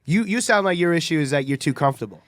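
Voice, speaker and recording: A man's voice: on the high side, animated, quick pace, dry recording, studio quality. A young man from the Bronx, telling stories in a brash, profane, laughing way as a guest comedian on a casual podcast. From the Bronx, New York.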